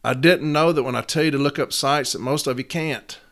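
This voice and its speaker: A man's voice: mid-range voice, brisk, a bit bright. A man hosting a podcast, talking passionately and repeating his phrases for emphasis. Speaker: podcast host, union advocate. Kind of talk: casual podcast monologue.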